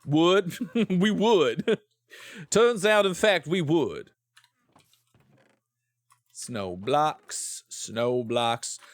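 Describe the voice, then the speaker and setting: A man's voice: fairly high pitch, lively intonation, very slow, long pauses, no echo. A man streaming a game, rambling playfully about shows and swearing freely as he plays. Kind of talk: casual live-stream chat while gaming.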